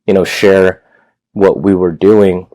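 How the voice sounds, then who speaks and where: A man in his thirties tells his story as an interview guest. His voice sits low and mellow, recorded dry and close. He rambles casually, doubling back and swearing now and then. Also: little pitch movement, takes it slowly, no room sound. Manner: rambling storyteller, loose and profane. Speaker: gym owner, guest.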